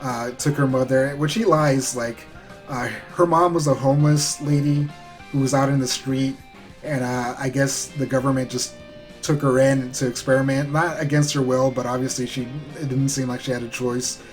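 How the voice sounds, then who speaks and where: A man's voice: medium pitch, steady tone, normal speed, soft background music. A man giving a loose, rambling recap of a show episode, full of fillers and the odd swear word. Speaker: show reviewer.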